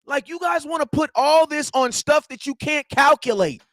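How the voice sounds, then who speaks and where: A man hosting a fan reaction stream, ranting in heated, slangy bursts and often shouting. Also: very high-pitched, animated, normal speed, few pauses, no echo, studio quality. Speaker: sports fan show host.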